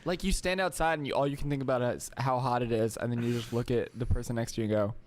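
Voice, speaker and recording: A young man co-hosting a podcast, talking in an animated, exasperated way and slipping into quoted voices. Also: medium pitch, fast. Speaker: podcast co-host. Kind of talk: casual chat.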